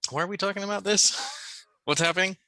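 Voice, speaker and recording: A man's voice: sits high, quick pace, sharp tone, dry recording. A man co-hosting a podcast in casual joking chat, rambling and laughing, slipping into put-on accents. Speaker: podcast co-host.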